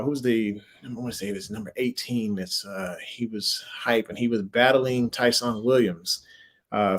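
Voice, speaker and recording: A man from Louisiana hosts a casual sports livestream, talking with a mixed Southern and military accent. His delivery is animated and slangy, and he breaks into laughs often. His voice sits at an ordinary middle pitch. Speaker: livestream host.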